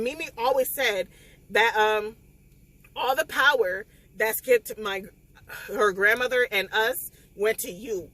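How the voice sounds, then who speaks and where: Woman book vlogger, slightly high voice, emotional, tearful retelling. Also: poor audio. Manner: animated, emotional retelling with quoted dialogue. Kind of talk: casual spoiler recap vlog.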